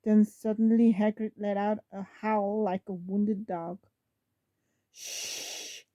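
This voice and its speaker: A woman reading a novel aloud, slowly, often stumbling over words and correcting herself. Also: medium pitch, steady tone, dark tone, dry recording. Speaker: reader.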